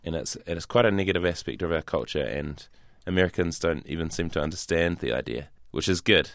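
Deep-voiced New Zealand man, dry delivery. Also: a little fast, dry recording. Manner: dry, hesitant, laughs softly. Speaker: guest actor and comedian. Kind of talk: interview conversation.

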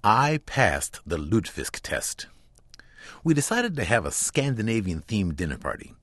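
Man, low and lively-voiced, dry close studio sound, deadpan humorous commentary. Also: unhurried, no echo. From Chicago. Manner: wry, deadpan storytelling. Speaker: radio commentator. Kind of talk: scripted humorous radio commentary.

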